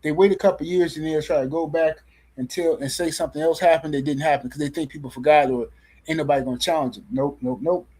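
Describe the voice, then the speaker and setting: A man's voice: on the high side, steady tone, fast, dark tone, slightly rough, poor audio. A man hosting a casual boxing livestream, reading super chats and ranting in slangy, repetitive talk. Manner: slangy, repeats himself, rants and reads super chats.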